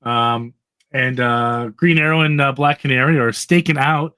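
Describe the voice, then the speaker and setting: A man's voice: medium pitch, fairly even intonation, unhurried, sharp tone, clean tone. A man casually recapping an old comic book on a podcast, rambling with fillers and laughing as he goes. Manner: rambling, laughing, acts out characters' lines. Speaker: podcast co-host.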